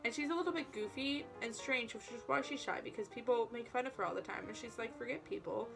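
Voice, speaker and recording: A woman's voice: fairly high pitch, fast talker, creaky, far from the mic. A young woman chatting casually as a guest, playful and rambling, slipping into silly voices now and then. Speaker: guest guessing characters. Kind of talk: casual chat. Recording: music playing underneath.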